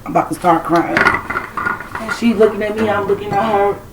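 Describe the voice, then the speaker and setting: A woman with a mid-range voice talks at a moderate pace over very noisy audio. Calling herself a spiritual intuitive, she addresses her viewers directly with a personal spiritual story, casual and blunt in a streetwise way, dropping the odd swear word.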